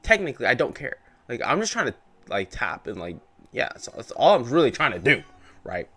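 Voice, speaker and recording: A man's voice: mid-range voice, sing-song, a little fast, a bit bright, slightly rough. A young man live-streaming his day trading, chatting casually in slangy, rambling talk that keeps coming back to "bro". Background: faint music playing.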